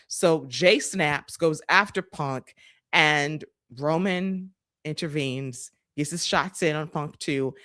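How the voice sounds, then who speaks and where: A woman co-hosting a podcast, recapping wrestling with animated, sarcastic, profane commentary. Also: deep voice, slow, no room sound, clean studio sound. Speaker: podcast co-host.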